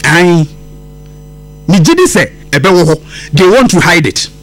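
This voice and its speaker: A man's voice: high-pitched, big pitch swings, unhurried, fairly bright tone. A man with a Ghanaian accent hosting radio political commentary, emphatic and indignant, repeating words for stress. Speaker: radio host.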